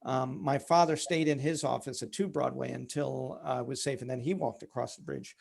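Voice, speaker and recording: A man's voice: mid-range voice, steady tone, brisk, vocal fry, a little mellow. A man, a company founder, candidly telling a personal story in an interview, with many fillers. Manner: candid, many fillers, relives events vividly.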